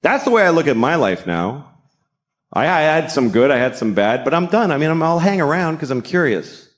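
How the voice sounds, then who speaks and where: Middle-aged male stand-up comic, deadpan, crude delivery that swings to shouting, lively pitch, on a stage mic. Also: a little fast. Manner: deadpan, profane, building to shouted rants. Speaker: stand-up comedian. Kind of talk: stand-up comedy set. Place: comedy stage before a live audience.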